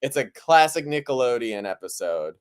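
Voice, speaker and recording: A man's voice: mid-range voice, sing-song, moderate pace, clean tone. A man co-hosting a comedy podcast who reads Bible passages aloud and breaks into joking, laughing riffs. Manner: playful, reads scripture then riffs with laughter. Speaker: podcast co-host. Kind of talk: comedic Bible reading and banter.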